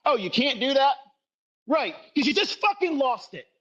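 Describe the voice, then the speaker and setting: A man's voice: very high-pitched, sing-song, moderate pace, fairly bright tone, muffled recording. A middle-aged man giving a profane, scolding lecture as a trading educator in a livestream rant.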